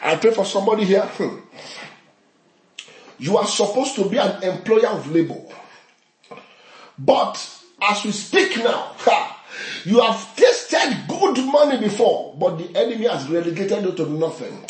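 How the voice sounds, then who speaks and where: Male pastor, very high and animated, chanting declarations in a roomy church. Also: a little slow, pauses often. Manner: shouts repeated declarations, bursts into tongues. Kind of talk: fervent prayer session. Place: church service. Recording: roomy echoey hall.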